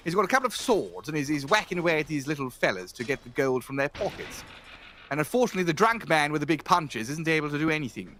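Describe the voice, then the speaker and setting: A caster putting on a prissy, overly courteous gentleman, his voice raised and bouncing from high to low in a lively, sing-song way. He fusses over every word like a storybook narrator. There is steady noise under the broadcast mix. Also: fast. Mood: whimsical. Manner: exaggerated courteous, fussy storybook diction.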